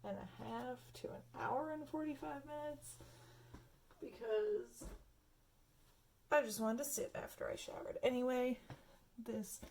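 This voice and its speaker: A woman films a casual home cooking video in her kitchen on a phone camera, chatting and rambling with lots of fillers and frequent laughter. Her fairly high voice is unhurried and darkish in tone, with vocal fry and long pauses.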